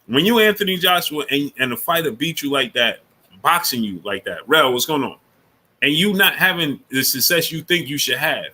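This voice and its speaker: A man's voice: fairly high pitch, pushed and bright. A man hosting a casual sports talk livestream, speaking in loose slang and greeting viewers from the super chat between his takes.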